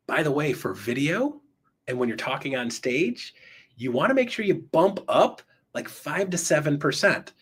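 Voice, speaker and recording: Husky, enthusiastic male sales coach. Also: sing-song, moderate pace. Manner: enthusiastic, emphatic, swings pitch up and down. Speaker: real estate trainer presenting to agents. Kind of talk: energetic motivational coaching talk.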